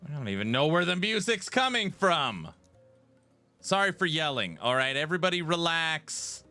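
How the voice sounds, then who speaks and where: A man's voice: a little high, sing-song, normal speed, bright, forceful tone, soft background music. A man streaming a video game, bantering playfully and defensively with his chat. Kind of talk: casual gaming stream chat.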